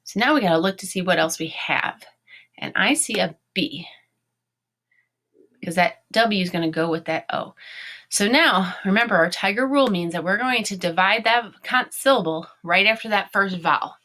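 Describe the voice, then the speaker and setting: A woman's voice: mid-range voice, expressive, normal speed, sharp tone. A woman in her thirties teaching a phonics lesson to children, patiently sounding out letters and syllables.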